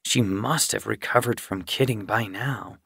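Male narrator for an audiobook, measured and unhurried, dry booth sound. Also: on the low side, creaky, a bit bright, slightly rough, dry recording. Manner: measured storytelling. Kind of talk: scripted narration.

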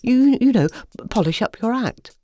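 A woman's voice: fairly high pitch, animated, moderate pace, warm tone, pitched above the performer's own voice. A woman voicing a flustered, kindly female friend who stammers and hesitates, in a bedtime storybook. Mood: nervous.

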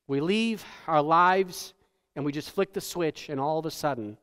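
A male pastor preaching a sermon in a conversational style, often asking "right?" and dropping to a hush for solemn points. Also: on the high side, moderate pace. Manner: tag questions, repeats words. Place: church sanctuary. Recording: church hall with long reverb.

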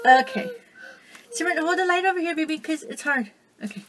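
A woman and mother filming a casual how-to vlog in her home kitchen, talking into an iPad she holds in one hand, chatty and bursting into excited cheers. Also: extremely high pitch, quick pace. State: out of breath. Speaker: home DIY vlogger and mother. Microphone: iPad held in one hand. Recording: noisy home recording.

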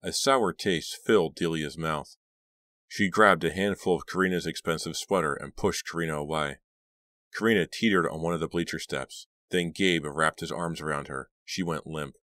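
A man narrating an audiobook in a steady, dramatic reading voice. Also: very deep voice, moderate pace, dry recording, clean studio sound. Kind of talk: scripted narration.

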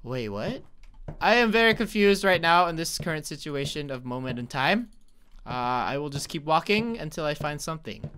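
Bright-voiced young man, halting and earnest. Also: a little high, lively intonation, smooth. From North Carolina, USA. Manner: halting, earnest, stammering restarts. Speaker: gaming YouTuber. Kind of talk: let's-play commentary.

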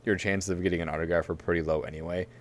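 A man's voice: low voice, fairly even intonation, very fast. A man co-hosting a racing podcast in casual chat, telling a long rambling story full of fillers and frequent laughs. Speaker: podcast co-host.

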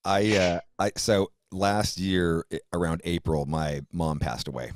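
A man's voice: low-pitched, a little slow, slight background noise. A middle-aged man hosting a podcast, talking casually, swearing a lot and acting out people in mocking voices. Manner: profane, animated, mimics people in put-on voices. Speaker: podcast host. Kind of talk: casual conversation.

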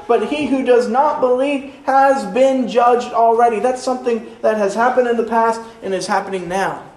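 A male preacher delivers a sermon with earnest emphasis, slowing down to lean on his key lines. He is caught from a distance in an echoing church sanctuary. A faint room hum sits under his voice. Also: very high voice, a little mellow. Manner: earnest, slows down to stress key phrases, repeats words as he restarts. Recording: roomy echo, mic at a distance, faint room noise.

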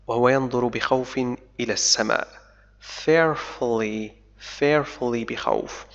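A man who speaks Arabic natively, teaching English by reading a novel slowly line by line and then quickly explaining each line in Arabic. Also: mid-range voice, creaky, a bit bright. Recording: dull lo-fi audio with long reverb.

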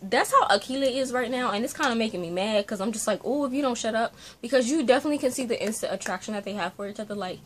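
A woman vlogging a casual book review from her bedroom, talking into a phone on a selfie-stick tripod, rambling and animated with lots of fillers. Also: a little high, rapid-fire, few pauses, a little hiss or hum. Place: bedroom at home.

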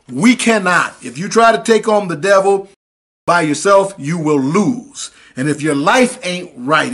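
A man's voice: on the high side, a bit bright, breathy edge. A man preaching a sermon over the internet, mixing scripture with a dramatic personal testimony in a folksy manner. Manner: folksy, dramatic storytelling, acts out voices. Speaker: minister.

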